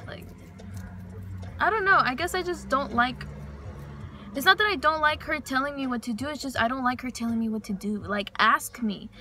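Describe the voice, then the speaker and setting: A young woman sits in her car and vents in a loose, rambling monologue, swearing freely as she goes. Her voice sits a little high and sounds bright and forceful. A faint hum of noise runs underneath. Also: normal speed. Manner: frank, rambling, heavy swearing. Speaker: vlogger. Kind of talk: casual venting monologue. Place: inside a parked car.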